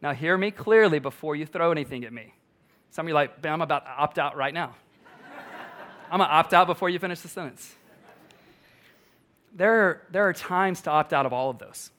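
A man's voice: fairly high pitch, lively intonation, normal speed, pauses often, a bit bright. A male pastor preaching a sermon, emphatic, repeating key lines and putting questions to the congregation.

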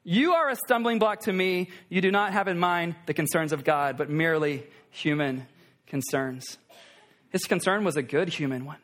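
High-voiced man preaching a lively sermon. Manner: conversational, animated, talks to the congregation with asides. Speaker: pastor.

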